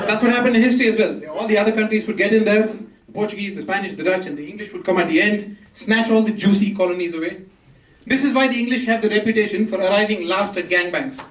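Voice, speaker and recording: A man from India performing a stand-up comedy set, with brisk delivery and quick asides to the audience. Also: high voice. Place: comedy club stage with laughing audience. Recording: roomy, distant, with crowd laughter.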